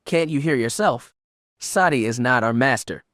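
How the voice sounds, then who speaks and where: A man voicing a determined young woman Sith inquisitor who speaks in sharp, cutting retorts. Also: medium pitch, animated, normal speed, dry recording, clean studio sound, natural voice. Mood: scornful.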